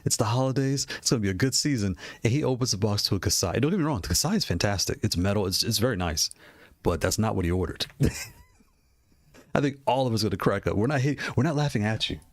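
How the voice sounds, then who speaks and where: Chill guy rambling about fight sticks, kinda low voice, dry close mic, repeats himself a lot. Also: lively intonation, fast talker, no room sound. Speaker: gaming hardware video creator. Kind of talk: casual product talk while browsing.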